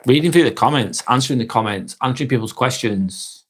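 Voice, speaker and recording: Casting note: young British male streamer, mid-pitched voice, easygoing and chatty as he reads out comments, with lots of ums and short laughs. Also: slightly rough. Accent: British English. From England. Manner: relaxed and chatty, with frequent ums and quick laughs. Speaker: live-stream host. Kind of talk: casual live-stream chat, reading comments aloud.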